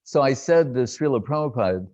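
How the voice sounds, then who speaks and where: An older man reminiscing in a lively storytelling talk, laughing and acting out what others said. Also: mid-range voice, brisk, no room sound. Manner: animated, laughing, acts out quotes. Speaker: devotee recounting memories. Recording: dull lo-fi dry sound.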